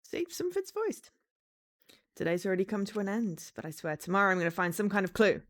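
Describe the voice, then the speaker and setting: Woman streamer chatting through a visual novel, lively up and down voice, reads bits out loud. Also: medium pitch, brisk. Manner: chatty, animated, reads game text aloud. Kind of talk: casual let's-play commentary.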